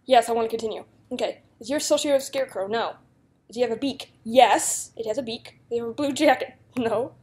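A young woman's fairly high, darkish voice moves at a fairly quick clip as she plays a guessing game for her YouTube audience. She giggles and chats casually, reading the questions aloud and answering them.

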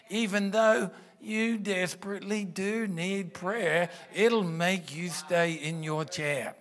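A man preaching from a church stage in an earnest, conversational manner, leaning on rhetorical questions. His voice sits fairly high for a man, and he takes his time with each phrase. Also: unhurried, few pauses, a bit bright. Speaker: pastor. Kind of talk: sermon. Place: church auditorium. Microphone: stage microphone.

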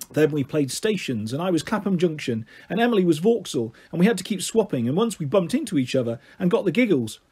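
A man narrating a children's book in a gentle, steady reading voice. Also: high voice, breathy edge. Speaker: storyteller.

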